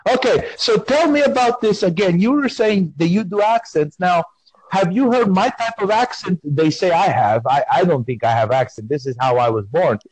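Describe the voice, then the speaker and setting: A man chats on a podcast in a playful, deadpan comic persona, as if it were his natural way of speaking. His voice sits a little high and swings widely up and down. The sound is dry and close. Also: moderate pace, breathy edge, no echo, rough recording. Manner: playful deadpan put-on persona, insisting he has no accent. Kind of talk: comic in-character chat. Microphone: phone call.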